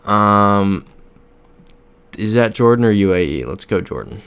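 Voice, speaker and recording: A young man with a low voice and an American accent chats casually on a live stream. He mutters guesses to himself and reads viewer messages aloud in an easy, rambling way. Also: lively intonation, measured pace, fairly bright tone, clear, resonant tone. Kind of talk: casual live-stream chat while playing a geography game.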